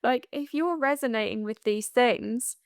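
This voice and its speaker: A woman's voice: on the high side, measured pace, clear, resonant tone, no room sound, studio quality. A woman hosting a solo spiritual coaching podcast, chatty and laughing often, with frequent asides. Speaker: podcast host.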